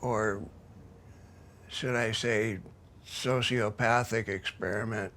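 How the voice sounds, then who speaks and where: Slow, wry man recalling old times. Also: fairly low pitch, fairly even intonation, a bit bright, a little hiss or hum. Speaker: documentary interviewee. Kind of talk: reflective interview recollection.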